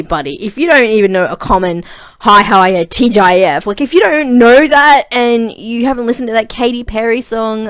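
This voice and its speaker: A young woman telling a funny story to camera in a chatty, giggly way, with lots of fillers and lively retellings of a conversation. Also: fairly high pitch, clean tone, dry recording. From Australia. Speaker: vlogger. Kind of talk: casual storytelling vlog.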